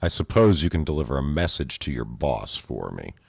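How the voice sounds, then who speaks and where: A man voicing a grim, terse swordsman who speaks in low, clipped threats. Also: sing-song, fairly quick, vocal fry, husky, no room sound, full character voice. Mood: menacing.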